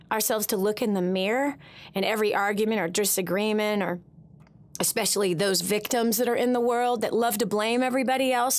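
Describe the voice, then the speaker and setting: Emotional woman radio host, high voice. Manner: emotional, animated personal storytelling. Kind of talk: Christian talk radio monologue.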